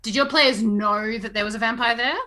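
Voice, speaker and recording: A woman co-hosting a podcast in casual chat, playful and excitable, quick to exclaim. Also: on the high side. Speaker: podcast co-host.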